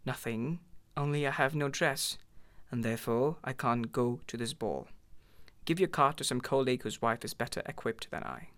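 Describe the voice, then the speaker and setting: A man's voice: on the high side, a little fast, natural voice. A man voicing a sulky, plaintive young wife who longs for luxury in a story reading.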